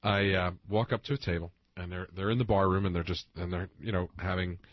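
A man's voice: low-pitched, fairly even intonation, quick pace, dry recording. A man co-hosting a radio show, telling stories in a teasing, easygoing way. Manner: storytelling, teasing. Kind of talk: casual radio chat. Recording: dry, dull lo-fi radio sound.

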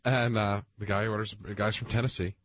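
A man's voice: fairly low pitch, steady tone, fairly quick, no echo. A man co-hosting a radio show, telling stories in a teasing, easygoing way. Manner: storytelling, teasing. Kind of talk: casual radio chat. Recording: dry, dull lo-fi radio sound.

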